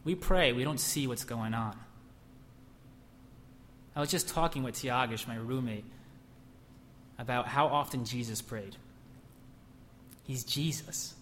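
A man's voice: mid-range voice, takes it slowly, long pauses, a bit bright, slight background noise. Young man preaching in an echoey hall. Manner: conversational, acts out quotes with bursts of emphasis. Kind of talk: sermon. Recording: echoey hall, faint ambience.

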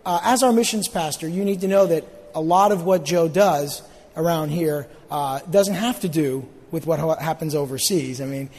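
Earnest pastor introducing a guest, echoing hall. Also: male voice, a little high, darkish tone. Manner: earnest, halting with fillers. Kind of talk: introducing a guest speaker in church. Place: church sanctuary. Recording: long church hall reverb.

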